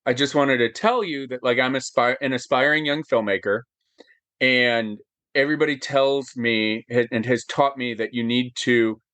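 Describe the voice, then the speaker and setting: A man's voice: medium pitch, moderate pace, dry recording. Guy in his 40s getting emotional telling his story, like um like, dry room sound. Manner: animated, gets choked up, lots of fillers. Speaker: interview guest.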